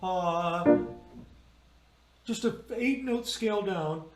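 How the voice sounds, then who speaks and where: A man's voice: high-pitched, lively intonation, normal speed, echoey room, over loud music. A man leading an online choir rehearsal, patiently explaining vowels and singing them as he demonstrates. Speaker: choir director.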